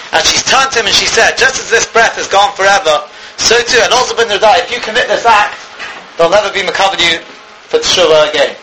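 A man giving a Torah talk in a sermon style, earnest and quick, with frequent restarts and many Talmudic terms. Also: sits high, background noise.

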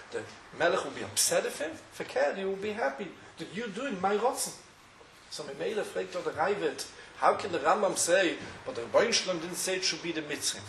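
High-voiced man with a lilt. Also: fairly bright tone, a little hiss or hum. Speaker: Torah teacher. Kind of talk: Talmudic study lecture. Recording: roomy echo with faint ambience.

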